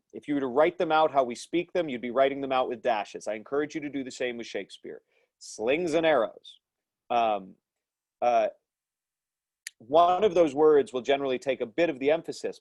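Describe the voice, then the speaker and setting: A man's voice: medium pitch, darkish tone, no room sound. American guy teaching acting on a call, medium voice, dry close sound, lots of ums. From United States. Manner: thoughtful, emphatic teaching with frequent ums and uhs. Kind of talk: lecture over a video call. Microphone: video call mic.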